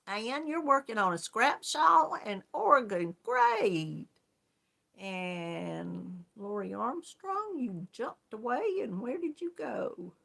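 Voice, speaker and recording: A woman's voice: a little high, expressive, slow pace, creaky, fairly bright tone. A woman hosting a casual live-stream chat, greeting viewers one by one and laughing often. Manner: chatty, friendly, laughs often. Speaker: yarn crafts channel host.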